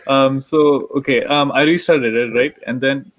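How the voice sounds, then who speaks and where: A man's voice: mid-range voice, fairly even intonation, moderate pace, dull audio. A young man co-hosting a casual chat, rambling through a story and saying "bro" a lot. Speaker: co-host.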